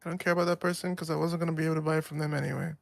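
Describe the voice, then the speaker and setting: A man's voice: a little high, level tone, very fast, gravelly, dry recording. A young man streaming a game, chatting casually with a friend, joking and laughing often. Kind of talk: casual gaming chat.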